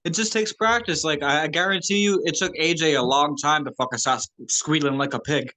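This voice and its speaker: Bright-voiced, loose-talking young man. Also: on the high side, brisk. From Canada. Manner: casual, swears a lot, laughs easily. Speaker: rapper. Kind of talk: casual chat.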